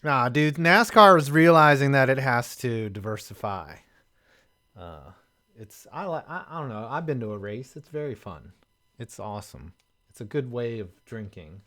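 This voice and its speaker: A man hosting a sports talk live stream at a desk mic, chatting loosely with a wry edge. His voice sits at an ordinary middle pitch, and he often lets sentences sink into quiet mumbles. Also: lively intonation, normal speed. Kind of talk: casual sports chat.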